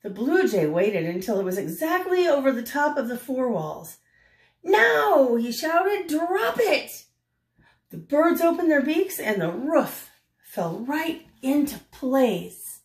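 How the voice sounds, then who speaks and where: An older woman reading a picture book aloud in a gentle way, pausing to ask the listener questions. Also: a little high, big pitch swings. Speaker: storyteller. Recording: roomy echo.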